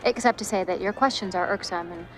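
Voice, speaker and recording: A woman's voice: mid-range voice, quick pace, slight background noise, natural voice. Actress as a blunt, irritable young woman. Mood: deadpan irritation. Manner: blunt, deadpan.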